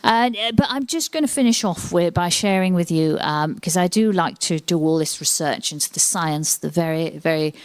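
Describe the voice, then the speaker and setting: Low-voiced woman comic. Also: moderate pace, few pauses, no room sound. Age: 40s. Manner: self-deprecating, chatty, slips into acted asides. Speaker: stand-up comedian. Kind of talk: stand-up comedy set. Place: library set up as a TV studio. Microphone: handheld microphone.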